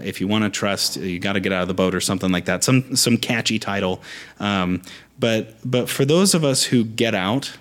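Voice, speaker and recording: A man preaching a conversational sermon, lively with frequent restarts. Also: on the low side.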